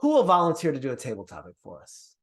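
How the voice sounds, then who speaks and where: A man who grew up in the Caribbean, leading an online workshop over a video call in an earnest, encouraging way. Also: fast talker. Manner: earnest, encouraging, lively pitch swings. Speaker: workshop presenter.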